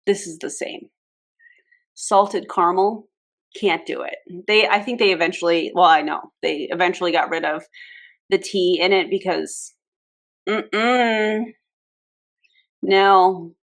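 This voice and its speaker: A woman's voice: on the low side, slow, creaky, long pauses. A woman hosting a casual reaction video, frank and sarcastic, often laughing at an old clip of herself.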